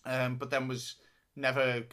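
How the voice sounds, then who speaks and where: A man's voice: medium pitch, monotone, measured pace, a bit bright. A man co-hosting a casual podcast chat, rambling through stories with frequent restarts. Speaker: podcast co-host.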